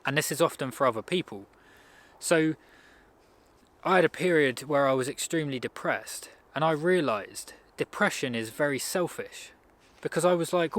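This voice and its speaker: A man's voice: fairly high pitch, normal speed, fairly bright tone. A man giving a casual self-improvement talk in a loose, rambling way, often restarting his sentences. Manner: rambling, conversational, frequent restarts.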